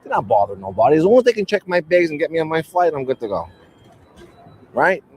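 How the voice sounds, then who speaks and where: A man with a Brooklyn accent, speaking loudly and easily in an airport clip. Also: a little high, very animated, fast talker, a little hiss or hum. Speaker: traveler in viral airport clip.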